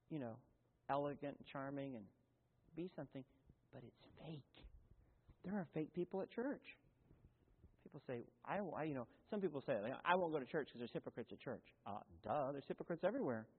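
A pastor preaches a sermon in a folksy, conversational manner, adding asides and correcting himself. His voice is on the high side and husky. The sound is tinny and phone-like, in a hall with long echoes.

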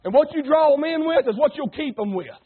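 A man preaching a folksy, rousing sermon that swings between plain talk and loud calls. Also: extremely high pitch, lively intonation, brisk. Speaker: pastor. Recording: lo-fi phone-like radio broadcast.

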